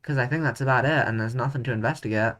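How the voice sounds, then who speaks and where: A woman's voice: very deep voice, fast talker. A woman streamer talking casually over a game, musing aloud with wry remarks.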